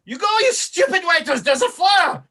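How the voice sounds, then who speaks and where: A woman's voice: very high voice, very animated, moderate pace, pushed and bright, pitched above the performer's own voice, exaggerated voice. Woman doing a shrieking chef. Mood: frantic. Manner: shrieking, frantic. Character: panicking French male chef.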